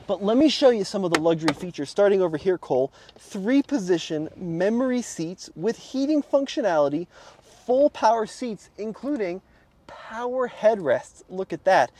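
High-voiced man reviewing cars. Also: darkish tone. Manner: wry, sarcastic, enthusiastic showman. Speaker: co-host presenting cars. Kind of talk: casual car review chat.

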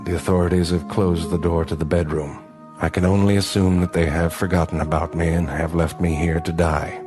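A man doing a solemn dog, left outside a closed door, delivering a grave monologue in a very deep, flat voice. The tone hardly moves. Music plays clearly behind him. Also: a little fast, close to an everyday voice.

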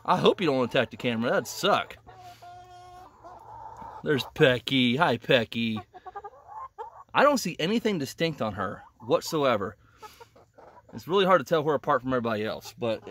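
A man's voice: mid-range voice, sing-song, normal speed, long pauses, fairly bright tone, slight background noise. A man vlogging casually from inside a chicken coop in a greenhouse, a little out of breath, chatty and laughing often. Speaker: homesteading vlogger. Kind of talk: casual walk-and-talk vlog. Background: chickens clucking.

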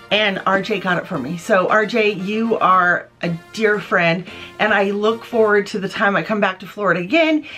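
A woman's voice: medium pitch, a bit bright. Bubbly woman vlog host, chatty show-and-tell at home, faint music under her voice. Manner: bubbly, gushing, talks straight to viewers.

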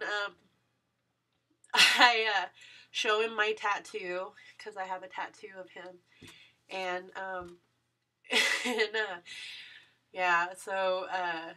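A woman's voice: lowish voice, bright, forceful tone, recorded from a distance. A young woman vlogger gushing through a personal story, full of fillers and giggles.

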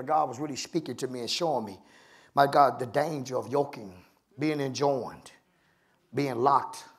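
A pastor preaching a sermon in a colloquial, impassioned way, rising into shouts and sung phrases and returning to a refrain of "my God.". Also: male voice, mid-range voice, husky.

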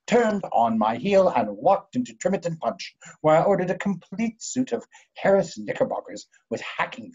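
A vain, pompous old English dandy, read by a man who drawls his lines with theatrical airs. The voice is husky and a little breathy, and it comes through dull, lo-fi video call audio. It is a stage play read aloud over a call. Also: medium pitch, darkish tone. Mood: reminiscing.

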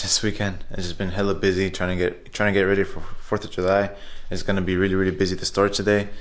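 A man with a low, slightly bright voice narrates his own workout footage in a casual vlog voiceover. This fitness vlogger is loose, talkative, and repetitive, calling out to viewers and leaning heavily on "guys."

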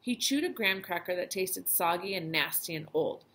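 A woman's voice: fairly low pitch, moderate pace, slight background noise. A woman teacher reading a children's chapter book aloud to her class. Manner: expressive storytelling voice.

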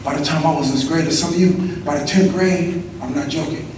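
In a school gym or auditorium, a motivational speaker from Los Angeles tells his story at an assembly and calls for the crowd to answer back. His fairly high voice moves briskly, swinging from hushed to shouting. The echoey hall puts him far off, with noise in the background.

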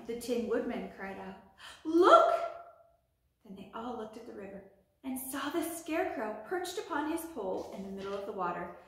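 A woman's voice: medium pitch, gravelly. Woman reading aloud in an echoey room. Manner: gentle, steady read-aloud narration. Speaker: library storytime reader. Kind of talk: reading a children's book aloud.

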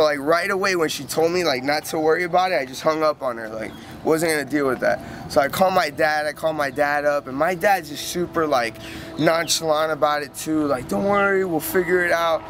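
A man's voice: fairly high pitch, a little fast, a bit bright. A young man telling a rambling, profane story outdoors beside a canal, speaking casually with lots of "like" and restarts. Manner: profane, rambling, heavy use of "like". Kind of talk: casual spoken anecdote. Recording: noisy outdoor recording with traffic. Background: outdoor street ambience with passing vehicles.

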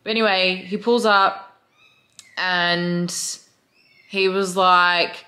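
A young woman with an Australian accent, vlogging casually, animated and swearing freely with lots of "like" fillers. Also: lowish voice, takes it slowly. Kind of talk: casual vlog storytelling.

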